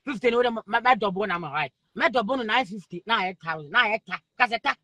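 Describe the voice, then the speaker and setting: A man with a Ghanaian accent hosts a live-stream chat, excitably calling out viewers' names and comments and breaking into laughter. His voice sits very high and sounds bright and forceful. The sound is close and dry. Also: fast, dry recording. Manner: excitable, laughs often, calls out names repeatedly. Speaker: livestream host reading viewer comments.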